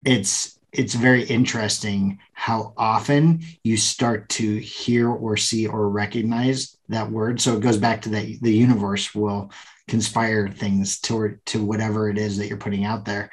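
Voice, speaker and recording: A man's voice: lowish voice, fairly even intonation, moderate pace. A man co-hosting a podcast, talking enthusiastically and earnestly in casual conversation. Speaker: podcast co-host.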